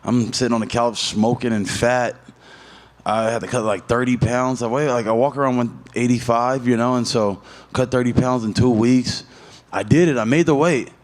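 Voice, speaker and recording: A man's voice: steady tone, normal speed. A man who fights professionally, answering questions in a casual interview, telling stories with a lot of swearing and rambling. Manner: profane, rambling storyteller; jumps high in pitch when telling a story. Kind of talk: casual media day interview.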